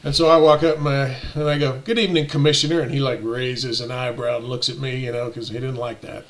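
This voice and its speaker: A man's voice: mid-range voice, fairly quick. Indignant man telling a story. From United States. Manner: indignant, animated retelling with quoted exchanges. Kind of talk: casual anecdote telling.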